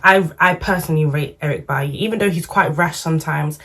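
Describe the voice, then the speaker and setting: Woman, lowish voice, casual football vlog, animated, slangy, opinionated. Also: brisk, husky. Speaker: football vlogger. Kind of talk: casual football commentary to camera.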